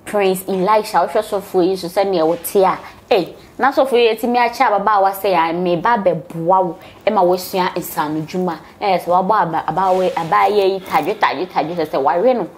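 Lower-voiced Ghanaian woman commentator. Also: moderate pace, slight background noise. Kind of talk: video commentary.

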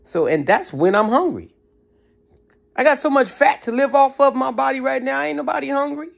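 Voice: high voice, expressive, normal speed, gravelly. A motivational speaker who talks in an emphatic, preachy way with casual slang. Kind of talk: motivational talk.

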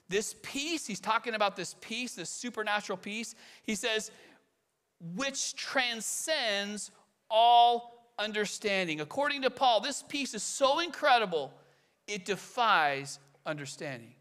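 Bright-voiced, earnest male preacher. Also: high-pitched. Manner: earnest and conversational, with rhetorical questions and voiced examples; slows and leans on key phrases. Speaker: pastor. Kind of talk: sermon.

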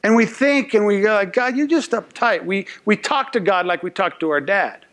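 A man's voice: high voice, expressive, moderate pace, fairly bright tone. A male pastor giving a conversational sermon who acts out short voices and often repeats words as he talks.

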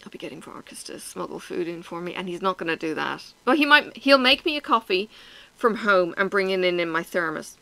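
A woman's voice: on the low side, lively intonation, a little fast, gravelly, pushed and bright, dry recording, low-quality recording. A woman, chatting frankly and bluntly to her viewers in a casual vlog, teary and sniffling. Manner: blunt, frank and self-mocking, with swearing and laughs. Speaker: vlogger.

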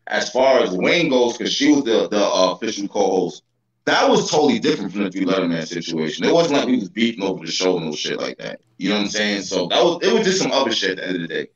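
Man, talk show guest, insistent, teasing, lively pitch, distant mic, echoey room. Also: fast talker. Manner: insistent, teasing, repeats himself. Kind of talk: heated casual chat. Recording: roomy, distant, dull sound.

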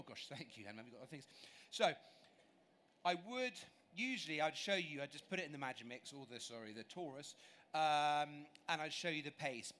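A man's voice: medium pitch, fairly bright tone, slight background noise. A man from England giving a live cooking demonstration on a show stage, chatty, enthusiastic and self-deprecating as he talks through his dishes. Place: large exhibition stage.

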